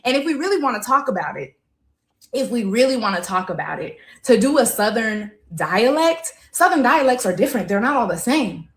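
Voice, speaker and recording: A woman's voice: fairly high pitch, very animated. Emphatic woman commenting in a roomy room. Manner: emphatic, conversational, drawn-out stresses. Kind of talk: casual commentary to camera.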